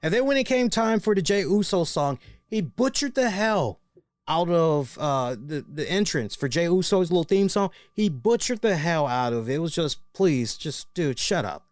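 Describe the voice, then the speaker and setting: A man's voice: on the high side, normal speed, no room sound. A man hosting a wrestling review show, talking casually and animatedly, joking and tagging his points with "right?". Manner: animated and joking, often tags lines with "right?".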